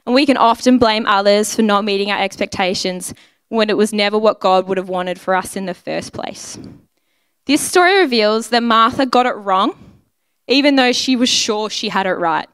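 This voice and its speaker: Earnest woman preaching, smooth clear voice. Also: medium pitch, lively intonation, normal speed, fairly bright tone, dry recording. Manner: conversational, earnest, quotes prayers aloud. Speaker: church speaker. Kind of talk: sermon. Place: church.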